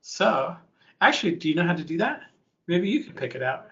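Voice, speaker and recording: A man's voice: a little high, big pitch swings, brisk, a bit bright. A man hosting a live webinar in a chatty, informal, easygoing way. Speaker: conference host. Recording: dull lo-fi webinar audio.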